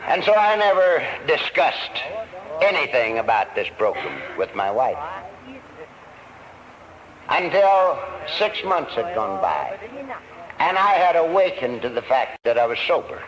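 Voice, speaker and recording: A man speaking at a recovery meeting, telling his story in an earnest, deliberate way. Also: mid-range voice, sing-song, a bit bright. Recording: old lo-fi tape recording.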